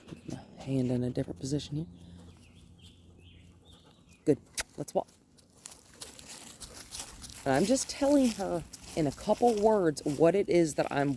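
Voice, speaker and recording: A woman dog trainer talks through a hands-on session outdoors, her voice mellow and warm. She moves between soft, coaxing praise and plain explanation, with faint background noise around her. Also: low-pitched. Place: outdoors by her front yard and gate.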